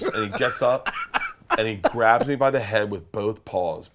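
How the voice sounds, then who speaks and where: A man, an interview guest, telling a story in a loud, excitable way, swearing and breaking into shouted quotes. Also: on the low side, fairly quick. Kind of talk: animated storytelling.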